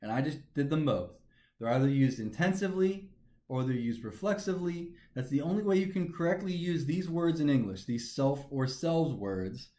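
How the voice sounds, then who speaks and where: Male teacher with a fairly high voice who talks methodically through each step; recorded in a reverberant room. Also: expressive, moderate pace, dark tone. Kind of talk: recorded grammar lesson. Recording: echoey room.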